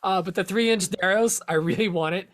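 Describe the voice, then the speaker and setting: A man co-hosting a podcast who trades quick, teasing banter with the others. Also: high-pitched. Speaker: podcast co-host. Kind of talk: casual chat.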